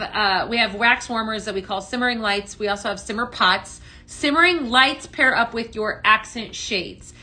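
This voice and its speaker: A woman's voice: fairly high pitch, pushed and bright, a little hiss or hum. A woman hosting a live product-demo stream in an echoey room, chatting with viewers and answering their comments, with frequent ums. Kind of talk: live sales demo chat.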